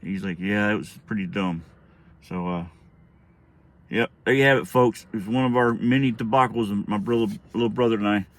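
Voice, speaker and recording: A man's voice: on the low side, fairly quick. A middle-aged man telling a rambling, profane story in a casual vlog. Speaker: storyteller vlogger.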